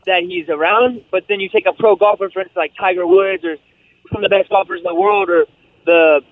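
A man in his twenties talking as a guest fighter by phone, relaxed and rambling with fillers. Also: sits high, no room sound. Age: 20s. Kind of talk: casual phone interview. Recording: tinny phone line.

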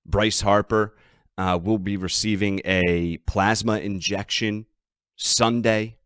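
On a sports betting podcast, a low-voiced male host rants emphatically through the problems his team is having. The recording is dry and the studio sound clean.

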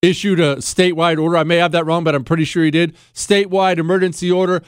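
A man's voice: fairly high pitch, a little fast, few pauses, clear, resonant tone, no room sound, clean studio sound. A middle-aged man hosting a podcast, delivering a heated, indignant commentary monologue full of rhetorical questions. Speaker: podcast host.

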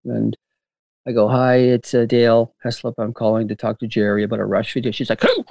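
A man telling stories as a guest in an interview, rambling and animated with frequent laughter and restarts. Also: mid-range voice, brisk, vocal fry, dry recording. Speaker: filmmaker guest. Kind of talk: casual interview storytelling.

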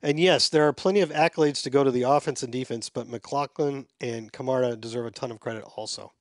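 A man's voice: mid-range voice, fast, no echo. Male podcast host, self-deprecating and chatty, reading listener mail, dry close mic. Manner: chatty, self-deprecating, reads emails aloud. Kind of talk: casual sports chat.

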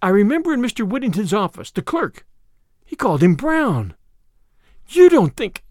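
A man reading a storybook, putting on a high, excited voice for an eager young woman adventurer. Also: normal speed, dry recording, clean studio sound.

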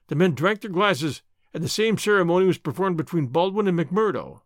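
A man narrating a mystery story and hosting the show, with expressive storytelling. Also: sits high, fairly quick, few pauses, dry recording, clean studio sound. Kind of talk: audiobook narration.

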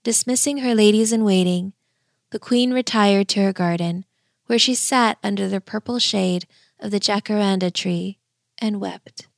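A woman narrating a bedtime fairy tale in a gentle, measured way. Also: mid-range voice, gravelly, dry recording, clean studio sound. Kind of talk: storybook narration.

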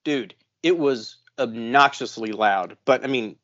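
A man's voice: mid-range voice, a little slow, fairly bright tone, no room sound. A man co-hosting a casual podcast, telling a long story full of swearing and rambling restarts, and acting out the voices of the people in it. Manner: profane, rambling storyteller who acts out other people's voices. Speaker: podcast co-host. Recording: dry, slightly dull podcast audio.

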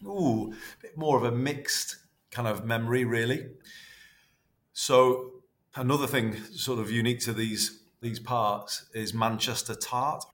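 A man, chatting warmly and rambling as a podcast guest, full of restarts. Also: mid-range voice, fairly even intonation, a little slow. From North West England. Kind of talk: casual interview reminiscing.

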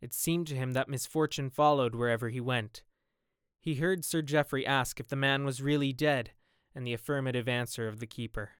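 A man's voice: mid-range voice, clean tone, no room sound. Man, audiobook narrator, clean resonant voice, dry studio sound, voices each character. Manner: acts out each character with raised, loud dialogue. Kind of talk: scripted narration.

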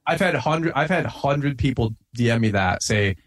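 A man's voice: mid-range voice, expressive, normal speed. A middle-aged man, a guest on a podcast, talking in an intense, fired-up way, with lots of "like" and "man". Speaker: podcast guest, lawn care business owner. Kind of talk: casual podcast conversation.

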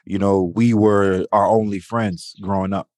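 A man's voice: fairly low pitch, measured pace, dry recording. Dry-voiced man co-hosting a podcast. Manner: emotional, animated, uses "you know" and "man" often. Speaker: podcast co-host. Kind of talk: casual podcast chat.

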